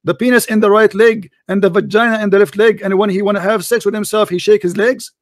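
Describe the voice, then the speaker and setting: A man's voice: high voice, fairly even intonation, fast, no room sound, clean studio sound. A man hosting a heated debate, repeating questions and interrupting his opponent. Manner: repetitive, pressing, interrupting. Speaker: debate host.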